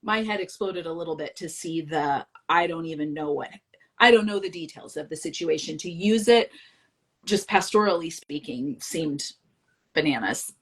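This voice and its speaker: A woman co-hosts a relaxed live-stream conversation in a husky, somewhat low voice. She talks her thoughts through, with hedges and self-corrections along the way. The tone is reflective and conversational. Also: normal speed. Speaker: co-host. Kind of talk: casual discussion on a live stream.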